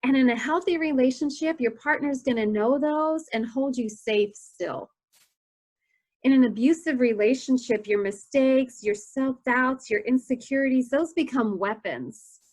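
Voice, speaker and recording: A woman's voice: high voice, a little slow, darkish tone. A woman in her forties, a prevention educator, telling candid, self-deprecating personal stories in a training talk. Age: 40s.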